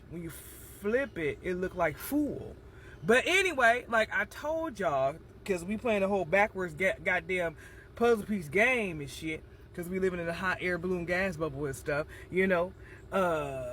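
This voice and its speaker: This is a high-voiced man from Michigan with a bright, sharp tone, spinning one pun into the next as he rambles. He swears casually and keeps checking in with "you hear me?" His pitch jumps around a lot. Faint vehicle noise hums behind him. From Battle Creek, Michigan. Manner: loose and rambling, full of puns and profanity, keeps asking "you hear me?". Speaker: vlogger. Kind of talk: rambling off-the-cuff monologue.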